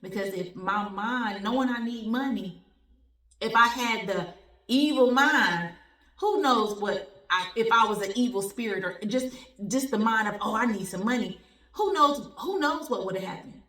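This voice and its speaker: A woman hosting her own motivational show, telling stories in an animated, preachy way and repeating phrases for emphasis. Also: fairly high pitch, normal speed. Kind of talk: motivational talk and storytelling. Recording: echoey room, distant from the mic.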